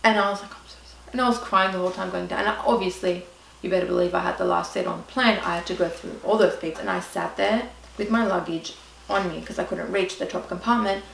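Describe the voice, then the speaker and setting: Fast-talking Australian woman vlogger. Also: on the low side, steady tone, creaky, a bit bright, echoey room, recorded from a distance, slight background noise, poor audio. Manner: chatty, dramatic, full of "like". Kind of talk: storytime vlog.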